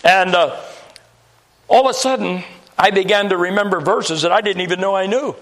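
A man's voice: sits high, moderate pace, fairly bright tone. A man preaching a sermon in a church, folksy and storytelling with touches of humor.

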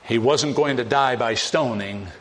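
A man delivers an expository sermon on scripture in a medium-pitched voice, speaking a little slowly. He repeats key phrases for emphasis and acts out the scenes he describes.

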